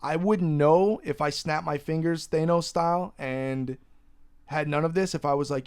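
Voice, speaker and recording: A young man with a fairly high voice hosts a laid-back podcast. He rants with lively energy and swears without a second thought. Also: normal speed, smooth. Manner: ranting, animated, swears freely. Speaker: podcast host. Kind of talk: casual podcast chat.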